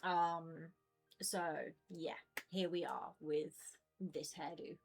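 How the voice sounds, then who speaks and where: A woman's voice: low voice, level tone, takes it slowly, breathy edge, soft background music. A young woman in her twenties chatting casually with her stream viewers from home, rambling with lots of fillers. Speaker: game streamer.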